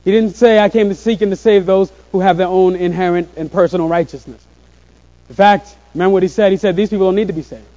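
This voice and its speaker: A man with a high, mellow voice preaches earnestly to a room of listeners, drawing out the phrases he wants to land. The recording sounds dull and lo-fi. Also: steady tone. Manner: earnest, slows on key phrases. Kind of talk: sermon. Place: room with a congregation.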